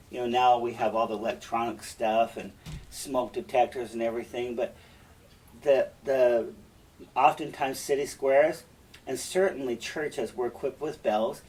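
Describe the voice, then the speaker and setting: A man's voice: medium pitch, a little slow, darkish tone, far from the mic, poor audio. Casual male teacher explaining a play. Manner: casual, chatty explaining with asides.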